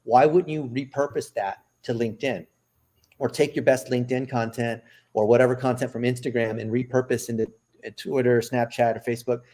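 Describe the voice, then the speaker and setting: A man as a podcast guest, explaining an ad strategy in casual interview talk, with quick asides and frequent "right?" checks. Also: mid-range voice, steady tone, mellow. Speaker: podcast guest, marketing executive.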